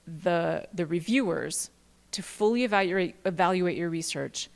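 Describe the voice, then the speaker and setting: A woman's voice: lowish voice, unhurried, gravelly. Playful woman presenting in a reverberant hall. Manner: playful, animated, jokey asides. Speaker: workshop presenter. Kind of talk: conference workshop talk. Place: large auditorium.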